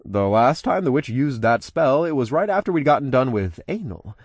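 A man narrating a first-person audiobook in a relaxed, conversational way. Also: mid-range voice, normal speed, no room sound, studio quality.

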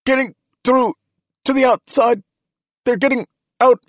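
A man's voice: very high-pitched, fairly even intonation, a little slow, fairly bright tone, no echo, pitched above the performer's own voice. A man voicing a panicked, wheezing man gasping clipped phrases over a radio. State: out of breath, wheezing.

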